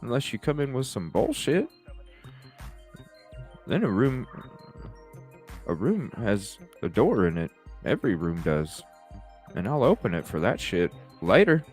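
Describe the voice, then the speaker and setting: A man's voice: fairly low pitch, big pitch swings, unhurried, long pauses, a little mellow, faint music behind. A man hosting a live call-in talk stream, chatting casually with viewers, rambling, swearing freely and laughing often.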